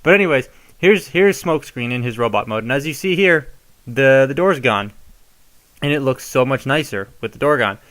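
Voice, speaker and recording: A man's voice: medium pitch, expressive, normal speed, a bit bright. A young man casually showing how to modify a toy, chatty and given to rambling asides. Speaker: toy reviewer. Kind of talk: casual hands-on tutorial.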